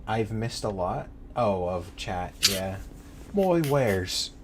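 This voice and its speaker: A man's voice: low voice, fairly even intonation, takes it slowly, noisy background. A man from the United States casually commenting on a game he plays, joking and swearing. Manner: joking, swearing, talks to chat. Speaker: game streamer.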